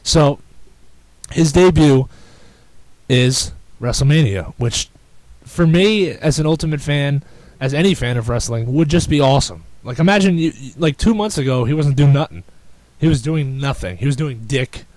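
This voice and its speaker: A man hosting a podcast in casual chat, rambling and excitable with frequent restarts. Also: fairly high pitch, normal speed, no room sound, low-quality recording. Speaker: podcast host.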